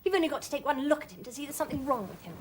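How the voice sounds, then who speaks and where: An actress playing an earnest, determined young woman in a period television drama, brisk and insistent. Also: sits high, expressive, a little hiss or hum.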